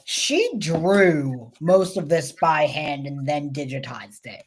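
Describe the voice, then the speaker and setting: A woman's voice: low-pitched, animated, slow pace, slightly rough. A woman with a New York accent co-hosting a casual livestream chat, talking in a rambling, self-interrupting way. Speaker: co-host.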